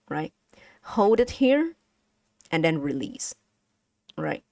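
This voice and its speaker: Slow, patient Vietnamese-accented woman. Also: low-pitched, wildly swooping pitch, darkish tone, no room sound, studio quality. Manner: patient, repeats sounds slowly for chat. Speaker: streamer teaching Vietnamese. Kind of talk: casual live-stream language lesson.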